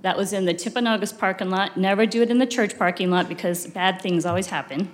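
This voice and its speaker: A woman's voice: medium pitch, fairly even intonation, quick pace. Emotional middle-aged woman speaking in a chapel. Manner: rambling, emotional, with many fillers. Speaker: church speaker. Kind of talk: sacrament meeting talk. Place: church chapel. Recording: long reverb of a chapel hall.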